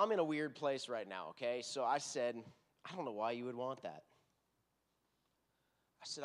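A middle-aged man with a Texan accent, a worship pastor preaching a sermon in a conversational, earnest, storytelling way. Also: medium pitch.

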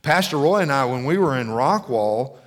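A man's voice: mid-range voice, animated, moderate pace. A middle-aged man preaching a sermon in a conversational way, often asking the congregation questions. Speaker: pastor.

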